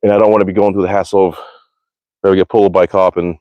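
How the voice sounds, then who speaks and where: A man chatting casually to viewers of his live stream, his voice sitting somewhat low. He rambles, swears freely and keeps correcting himself. The sound is close and dry, with no room echo. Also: level tone, quick pace, dull audio. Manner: rambling, profane, self-correcting. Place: backyard outdoors.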